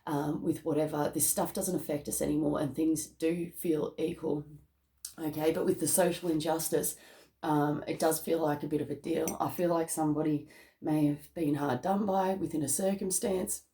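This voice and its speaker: A woman talks through a tarot reading in a loose, chatty way, with lots of fillers and frequent laughs. Her voice sits a little low and has a gravelly, fry-laden edge. She is casual and emotional. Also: steady tone, normal speed, warm tone. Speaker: tarot card reader. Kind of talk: casual spiritual reading to camera.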